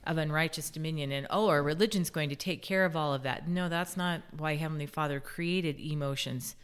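Podcast co-host, middle-aged woman, low voice, earnest storyteller. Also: brisk, smooth. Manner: earnest, tells stories from her own parenting. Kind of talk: casual podcast conversation.

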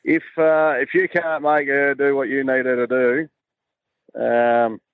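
A man's voice: mid-range voice, flat delivery, measured pace, smooth, no room sound, narrow, tinny audio. An Australian man leaving a brash, swearing voice message full of boasts. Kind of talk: crude voice-message banter.

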